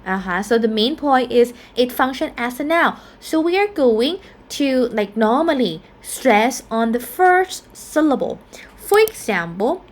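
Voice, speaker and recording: Slow, careful woman teaching pronunciation. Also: high voice, animated. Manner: slow and careful, repeats each example word. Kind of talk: explaining a phonetics lesson.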